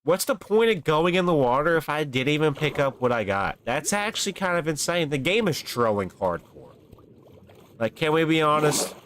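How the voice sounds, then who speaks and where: A man's voice: fairly high pitch, moderate pace, slight background noise. A young man livestreaming a game, chatting casually with viewers and grumbling and exaggerating about his luck. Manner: animated, talks to chat, grumbles and exaggerates. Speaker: livestreaming gamer. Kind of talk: casual live game commentary. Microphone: desk mic, webcam stream.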